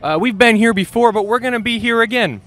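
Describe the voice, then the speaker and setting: A man joking around as a mock sports reporter, interviewing fans outdoors at a stadium tailgate with goofy, deadpan punchlines. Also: extremely high pitch, quick pace.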